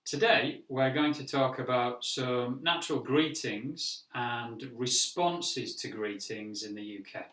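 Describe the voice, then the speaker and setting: A man with a British accent, an English teacher giving a clear, deliberate online lesson and acting out greetings. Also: mid-range voice, fairly bright tone, roomy sound.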